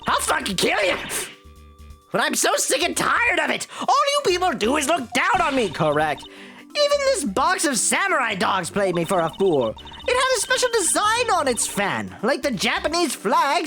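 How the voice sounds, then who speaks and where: A woman voicing a loud, bossy old lady who dotes on a younger man, scolding shrilly and then dropping to mutters. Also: high-pitched, wildly swooping pitch, moderate pace, soft background music, heavily acted. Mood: ranting.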